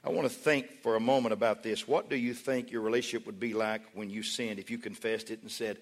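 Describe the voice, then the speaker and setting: A middle-aged man preaching a sermon as pastor, emphatic, with call-and-response to the congregation and climaxes that rise toward shouting. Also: on the low side, fairly even intonation, brisk, few pauses. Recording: long reverb of a large church hall.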